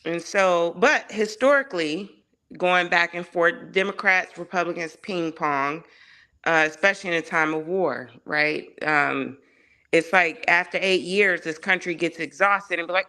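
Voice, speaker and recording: A woman in a casual panel discussion, her voice sitting on the lower side and moving at an unhurried pace. She argues with passion and fires off rhetorical questions one after another. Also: bright, forceful tone. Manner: impassioned, heavy on rhetorical questions.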